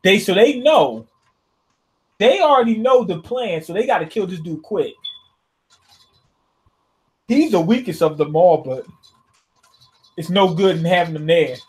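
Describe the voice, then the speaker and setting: A man casually reviewing a comic chapter, slangy and thinking out loud with laughs. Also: high-pitched, expressive, a little slow, long pauses. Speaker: manga reviewer.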